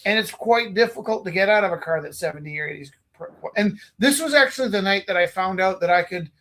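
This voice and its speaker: A man from Canada telling a story in casual chat, animated, acting out the quotes loudly. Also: sits high, fast talker. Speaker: host.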